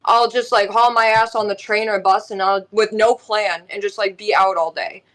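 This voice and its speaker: A woman's voice: mid-range voice, normal speed. Chatty young New woman. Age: 20s. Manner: relaxed, chatty, many "like" fillers. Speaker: podcast guest. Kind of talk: casual chat.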